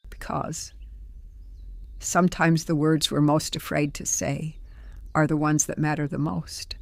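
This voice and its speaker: An older woman voicing a grandmother, telling a story in a gentle, soothing way. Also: low voice, little pitch movement, unhurried, vocal fry, pauses often, no echo. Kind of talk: slow scripted storytelling.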